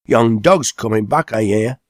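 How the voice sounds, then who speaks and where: A man voicing an excitable young village lad with a broad Lancashire accent, talking raised and eager. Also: lowish voice, unhurried, no room sound, clean studio sound. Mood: bold.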